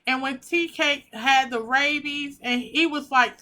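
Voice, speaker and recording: A woman's voice: high-pitched, measured pace, sharp tone. A woman giving a pick-a-pile tarot reading, talking casually and emotionally, gushing and swearing as she reads the cards. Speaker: tarot reader.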